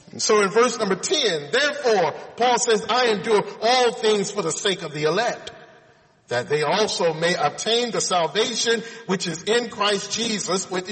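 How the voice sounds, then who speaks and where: A man's voice: high voice, a bit bright, long reverb tail, low-quality recording. A man preaching a sermon, reading scripture aloud and explaining it, calling his listeners friends.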